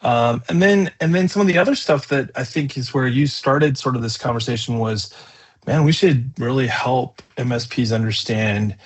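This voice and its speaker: Male podcast host, mid-pitched voice, chatty and rambling, casual conversational delivery. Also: slightly rough.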